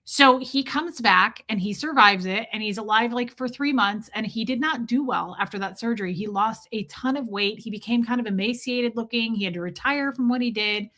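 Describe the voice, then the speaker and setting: A woman's voice: on the high side, normal speed, hardly any pauses, bright, forceful tone. Blunt, profane woman telling a story on a livestream. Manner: blunt, profane, reads viewer names aloud mid-story. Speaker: livestream host. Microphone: streaming setup mic.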